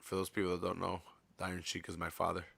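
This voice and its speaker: A man co-hosting a wrestling podcast, recapping matches in animated, joking casual chat. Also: low voice, fast talker, vocal fry. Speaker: podcast co-host.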